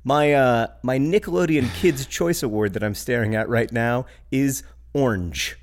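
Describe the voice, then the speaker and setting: A man with a Midwestern American accent co-hosting a podcast, joking in a playful, deadpan way and laughing easily. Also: medium pitch, a little slow. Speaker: podcast co-host. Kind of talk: casual chat.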